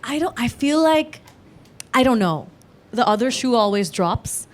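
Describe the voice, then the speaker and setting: A woman's voice: fairly high pitch, lively intonation, a little slow. A woman in her thirties, a guest on a stage comedy show, chatting casually and laughing at herself. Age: 30s. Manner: laughing, self-mocking. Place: stage before an audience.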